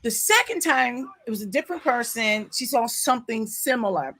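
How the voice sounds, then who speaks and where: At home near her back window, a commentary vlogger with a fairly high voice tells a long story at a moderate pace, and the recording is rough. She's animated and laughing, wandering off on tangents with frequent asides and apologies.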